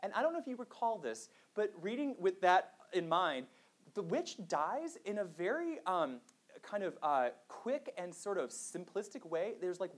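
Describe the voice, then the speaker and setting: A man giving a conversational public lecture to a live audience, self-deprecating and full of fillers. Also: a little high.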